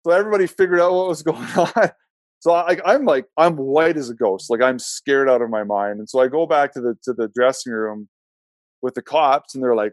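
A man's voice: mid-range voice, brisk, no room sound. A middle-aged man, a former pro hockey goalie, telling a rambling, self-correcting story in casual talk and laughing at himself.

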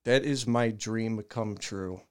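A young man with a smooth, resonant voice co-hosts a casual podcast. He jokes along and eggs on his friend's story with quick quips. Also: lowish voice. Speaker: podcast co-host. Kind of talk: casual chat.

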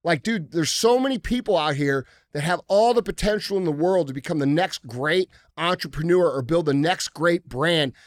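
A man's voice: on the high side, normal speed, few pauses, no room sound, clean studio sound. A man hosting a podcast in casual talk, ranting bluntly and heatedly with plenty of swearing. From United States. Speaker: podcast host.

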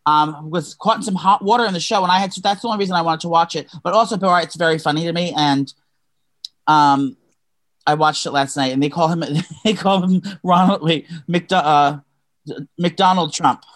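Bright-voiced young man gossiping. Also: a little high, moderate pace. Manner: rambling, gossipy, many fillers and restarts. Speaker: podcast co-host. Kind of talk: casual gossip chat.

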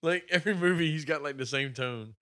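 A man's voice: a little high, a little fast, a bit bright. A man chatting casually about a movie, rambling, profane and laughing often. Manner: profane, rambling, laughs often, quotes characters in put-on voices.

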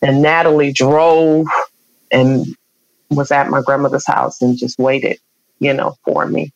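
A woman's voice: a bass voice, flat delivery, a little slow, gravelly, dry recording, dull audio. A middle-aged woman, earnestly telling an emotional personal story as an interview guest. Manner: emotional, earnest, acts out quoted voices.

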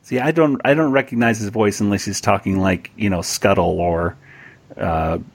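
A man's voice: fairly low pitch, normal speed, creaky, loud music behind the voice. A man hosting a podcast, chatting casually about cartoons with lots of restarts and laughter. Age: adult, past high school. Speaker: podcast host. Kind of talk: casual chat.

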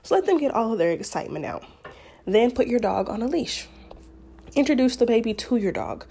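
A woman's voice: a little high, very animated, fairly quick, gravelly, mellow, breathy edge. A woman hosting a podcast, giving casual advice in a chatty, rambling way with many fillers and restarts. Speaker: podcast host.

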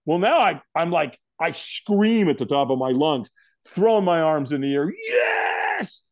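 Speaking at an ordinary speed, a middle-aged man being interviewed narrates a story and lively acts out the lines people said to him, his pitch jumping widely. The sound is clean studio quality without echo.

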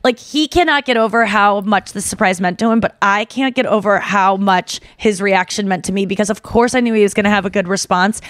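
A woman podcast host telling a story in casual chat, animated and full of fillers, slipping into the voices of the people she describes. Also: medium pitch, a little fast, few pauses, dry recording. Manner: animated, filler-heavy, acts out others' voices.

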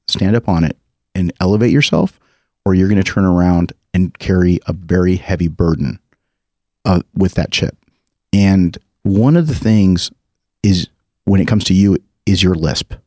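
A man's voice: sits low, moderate pace, darkish tone, dry recording, clean studio sound. A man hosting a podcast, asking questions in an earnest, reflective, motivational way. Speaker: podcast host. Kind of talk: casual podcast interview.

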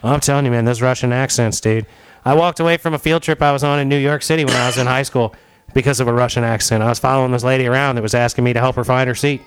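A man's voice: medium pitch, fairly even intonation, quick pace, smooth. Casual man telling stories on a podcast. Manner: storytelling, laughs often. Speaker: podcast host. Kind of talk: casual chat.

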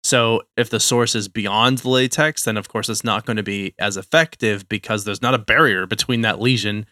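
A man's voice: fairly low pitch, steady tone, normal speed, bright, forceful tone, dry recording, clean studio sound. A man from the western United States, co-hosting a podcast, explaining health topics in careful casual talk with frequent restarts. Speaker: podcast co-host.

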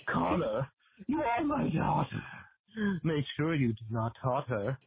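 A man's voice: on the high side, huge pitch swings, a little slow, vocal fry, breathy edge, no room sound, heavily acted, rough recording. A man voicing a giant melting man made of fudge who greets the players in sing-song cryptic rhymes during a tabletop game. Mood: creepy sing-song. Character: giant melting fudge man, creepy rhyming candy host.

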